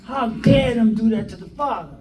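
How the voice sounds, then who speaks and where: An older man telling stories from his past in a documentary interview, animated, acting out what people said, with hesitant fillers. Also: extremely high pitch, normal speed. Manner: animated, acts out quoted dialogue with hesitant fillers. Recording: roomy sound from a distant mic, faint noise.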